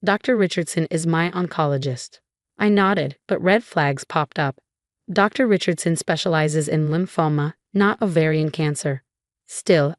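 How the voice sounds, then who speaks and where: A woman tells a dramatic first-person story in a steady, scripted narration. Her voice sits on the low side and is recorded close and dry, with no room sound. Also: no room sound.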